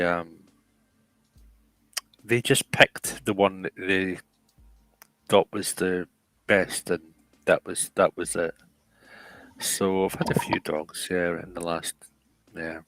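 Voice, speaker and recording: A middle-aged man in casual chat, rambling and halting with many restarts. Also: low voice, fairly bright tone, no echo, low-quality recording.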